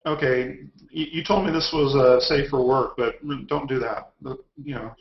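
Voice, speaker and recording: A man's voice: mid-range voice, normal speed, vocal fry. Wry Texan man on an echoey call. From Texas. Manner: wry, rambling anecdotes with restarts. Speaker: guest author. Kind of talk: casual chat. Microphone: video call. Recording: echoey, dull lo-fi web call.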